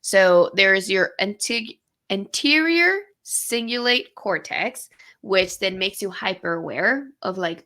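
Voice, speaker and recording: A woman's voice: medium pitch, lively intonation, takes it slowly, bright, forceful tone. A woman co-hosting a podcast, explaining how anxiety works in the brain in a casual way, with many fillers and restarts. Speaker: podcast co-host.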